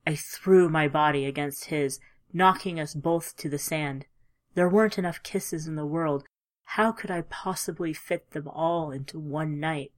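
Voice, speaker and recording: A woman reading a first-person story aloud in a measured, emotive way, dropping at times to a hush. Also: sits low, steady tone. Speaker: audiobook narrator. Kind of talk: scripted audiobook narration.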